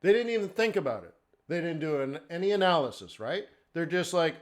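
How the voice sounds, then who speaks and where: A man's voice: on the high side, sing-song, brisk. A man teaching forex trading in a live webinar, talking conversationally and checking in with "okay?" and "right?". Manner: conversational, rhetorical questions, frequent "okay?" and "right?".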